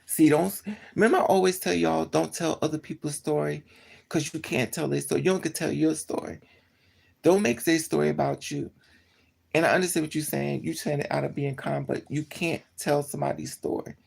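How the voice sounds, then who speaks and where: Streamer voice, deeply gravelly and husky, blunt and profane, loops back to fix details while telling a story to chat. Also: fairly even intonation, brisk, darkish tone. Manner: blunt, profane, repeats and corrects itself. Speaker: livestreamer. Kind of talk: casual storytelling to live chat.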